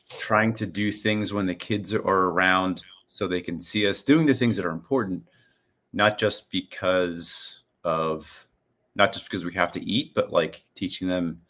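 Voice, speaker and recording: A man's voice: deep voice, a bit bright. A man in his forties co-hosting a casual video-call chat, rambling and restarting his sentences. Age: 40s. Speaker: podcast co-host.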